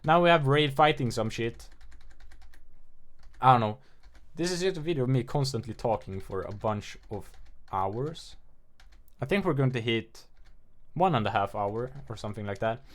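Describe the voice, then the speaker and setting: Brief: male commentator, mid-pitched voice, casual and rambling, self-deprecating, plenty of filler. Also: animated, normal speed. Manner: rambling, offhand, self-mocking, heavy filler words. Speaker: gameplay trailer commentator.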